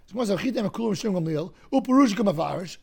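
A man teaching a Talmud class, explaining cases through lively hypothetical scenarios and often clearing his throat. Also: high voice, rapid-fire.

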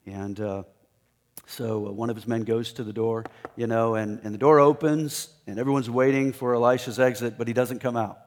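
Man, middle-pitched preacher, chatty and animated telling, long church-hall reverb. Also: moderate pace. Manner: conversational, acts out the characters with bursts of pitch and volume. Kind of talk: sermon on a Bible passage.

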